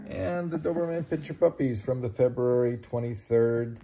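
A man's voice: medium pitch, very animated, moderate pace, hardly any pauses. A man filming his dog's puppies, talking to them in cooing baby talk between casual narration. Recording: loud background noise. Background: puppies and dogs.

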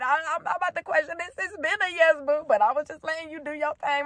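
A woman's voice: high voice, brisk, a bit bright, raised voice, slight background noise. A young woman giving a casual, gushing reaction to a TV episode, swearing freely and talking straight to her viewers.

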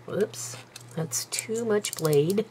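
Speaking extremely slowly in a mellow, medium-pitched voice, a woman hosts a craft video amid slight background noise. She keeps up a talkative, self-deprecating chat with herself while doing a paper craft at her table.

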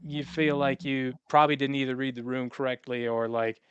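A man hosting a podcast, asking halting questions full of fillers and restarts. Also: medium pitch, steady tone, fairly bright tone, smooth, no echo, muffled recording. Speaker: podcast host. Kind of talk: interview questions.

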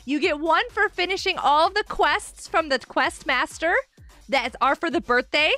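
A woman live-streaming a block-building game, excitedly chatting with viewers and cheering players on. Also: high voice, moderate pace, no room sound, soft background music. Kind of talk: live Minecraft stream chat.

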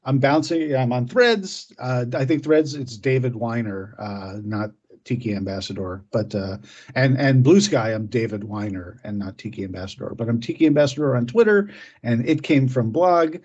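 A man's voice: medium pitch, normal speed, darkish tone, muffled recording. A man, a filmmaker guest in a casual interview chat, talking in a rambling, hesitant way with many fillers and restarts.

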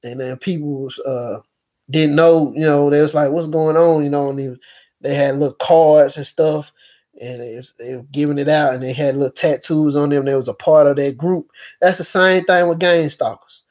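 Halting, rambling man with a higher voice. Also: steady tone, darkish tone. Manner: halting, many fillers and restarts, conversational. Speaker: speaker recounting experiences. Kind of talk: rambling personal monologue.

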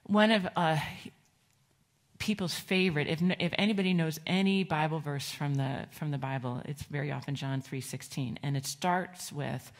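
A middle-aged woman pastor giving a children's sermon in a church, gentle and conversational, asking the children questions. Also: low voice, fairly even intonation, moderate pace. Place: church sanctuary.

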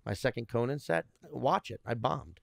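A man's voice: mid-range voice, animated, normal speed, creaky, no echo, studio quality. A man in his thirties, a comedian guest, telling rambling stories in casual interview chat and swearing constantly. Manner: heavy swearing, rambling storyteller.

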